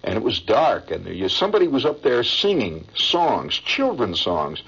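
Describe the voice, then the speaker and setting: A man's voice: mid-range voice, wildly swooping pitch, moderate pace, creaky, a bit bright, breathy edge, dull audio. An older man from Indiana telling a personal story in a rambling, hesitant way, with many restarts. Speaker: veteran recounting a memory.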